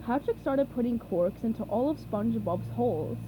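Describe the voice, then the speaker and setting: A woman narrating a children's storybook in an animated, expressive way. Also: mid-range voice, moderate pace, few pauses, noisy background. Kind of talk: storybook reading.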